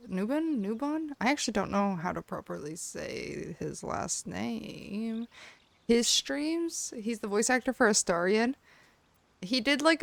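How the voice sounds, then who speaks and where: A woman's voice: fairly low pitch, a bit bright, no echo. A woman hosting a let's play of a video game, chatting in a giggly, self-deprecating way. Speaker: gaming channel host.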